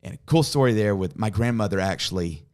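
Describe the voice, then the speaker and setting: A man, a pastor, tells a personal story in a podcast conversation, earnest and dropping to a hush in emotional moments. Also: lowish voice, animated, fast.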